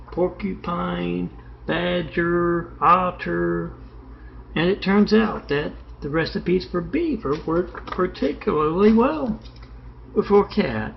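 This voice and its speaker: Gravelly male storyteller, rambling. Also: a little high. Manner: rambling, with fillers and asides. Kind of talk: telling absurd comic tales. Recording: muffled with faint hiss.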